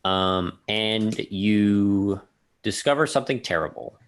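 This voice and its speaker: A man with a very deep voice runs a tabletop game, narrating scenes slowly and deliberately. He pauses often, filling gaps with small hesitations. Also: slight background noise. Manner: slow, measured, with fillers. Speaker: game master.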